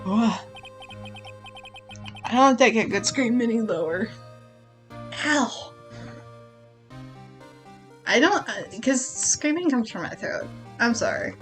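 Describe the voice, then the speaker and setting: A woman's voice: a little high, lively intonation, slow, pauses often, faint music behind. Giggly woman streamer. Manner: giggly, playful reactions. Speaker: let's play streamer. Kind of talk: casual gameplay commentary.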